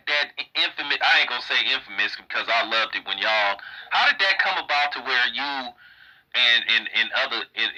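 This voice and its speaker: A man's voice: fairly low pitch, pushed and bright, rough recording. A man hosting an interview, blunt and emphatic, often restarting his words. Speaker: interviewer host. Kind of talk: casual interview chat.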